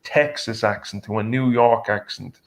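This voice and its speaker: A man from Ireland with an Irish accent, arguing in a casual chat, halting with many restarts and fillers. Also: on the low side, fairly even intonation, vocal fry.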